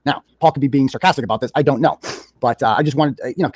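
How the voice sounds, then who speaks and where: A man's voice: mid-range voice, very fast, a little mellow, no room sound, studio quality. A man sarcastically retelling a text exchange in a casual recap, with a mocking manner. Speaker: commentator reading his own text messages.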